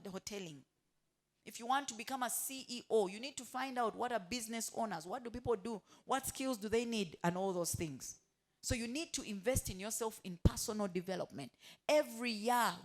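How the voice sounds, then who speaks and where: Woman quizzing a staff audience. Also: on the high side. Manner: asks the room questions and has them finish her sentences. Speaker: motivational speaker. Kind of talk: staff training talk. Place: hotel staff meeting room.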